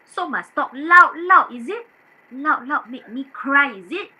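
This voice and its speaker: A woman's voice: high-pitched, slow pace, bright, forceful tone, full character voice. A woman playing a self-pitying, melodramatic wealthy employer, in a staged play reading. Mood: whiny. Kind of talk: staged play reading over video call.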